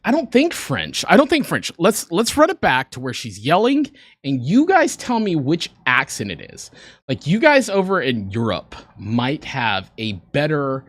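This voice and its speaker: Guy rambling on his stream, lively voice, dry close mic, joking about himself. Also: medium pitch, no echo. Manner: rambling, self-deprecating, joking with chat. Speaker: livestreamer. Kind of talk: casual reaction stream chat.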